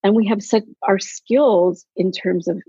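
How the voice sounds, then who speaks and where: A woman coaching in casual podcast chat, telling animated stories and acting out quotes. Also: medium pitch, a little slow, slightly rough, dry recording. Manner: animated storyteller, acts out quotes. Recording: dull, dry lo-fi sound.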